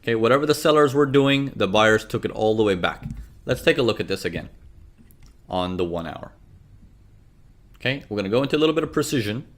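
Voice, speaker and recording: This trading instructor has a low-side, animated voice and speaks briskly, though with long pauses. Working through a chart on a shared screen, he repeats his questions and acts out traders' worried inner voices.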